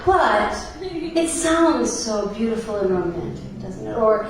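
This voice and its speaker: A woman's voice: fairly high pitch, slow pace, noisy background. A woman minister giving a sermon in a church, telling stories with laughs and filler words. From Ireland. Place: church sanctuary. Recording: echoey church hall from a distance.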